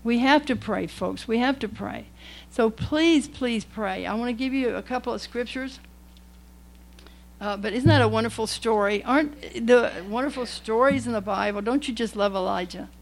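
A woman's voice: a little high, moderate pace, gravelly, low-quality recording. A woman preaching a sermon in a folksy, emphatic way, often rambling and restarting her sentences.

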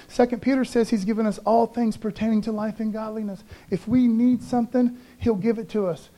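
A pastor preaches with fervent emphasis, rousing his congregation and slipping into casual, chatty asides. His voice sits high for a man. The delivery swings from loud calls to quiet, confiding lines. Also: fairly even intonation, a little fast, few pauses. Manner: conversational, peppers speech with "man". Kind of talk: Easter sermon.

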